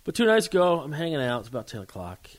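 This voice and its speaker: A man in his forties, co-hosting a podcast, telling a story in a casual, animated way and acting out the shouts. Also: a little high, quick pace. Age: 40s. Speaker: podcast co-host.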